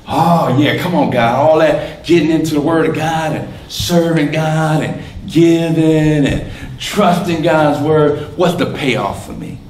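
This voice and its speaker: A man preaching a sermon as pastor, swinging from shouts down to soft whispers and repeating his words. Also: on the high side, slow pace, hardly any pauses. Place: church sanctuary. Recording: echoey church room, faint background noise.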